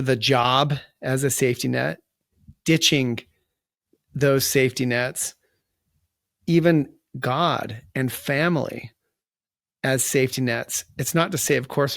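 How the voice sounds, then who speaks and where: A man hosting a podcast, thoughtfully summing up the conversation in a relaxed talking manner. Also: medium pitch, vocal fry, no room sound, clean studio sound. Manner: thoughtful, summarizing, with fillers. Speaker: podcast host.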